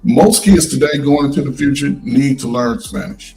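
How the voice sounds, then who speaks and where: A man explains things and gives advice in an emphatic way, at a middle pitch. He sounds set back from the microphone. Faint music sits under his voice. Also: animated, normal speed, gravelly, a little mellow, recorded from a distance, rough recording. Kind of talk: casual conversation.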